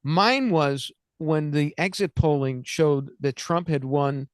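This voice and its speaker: A man's voice: on the high side, slow pace, dry recording. A man in his sixties hosting a comedic political talk radio show, rambling and joking as he talks. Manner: rambling, joking, self-interrupting. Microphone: studio mic.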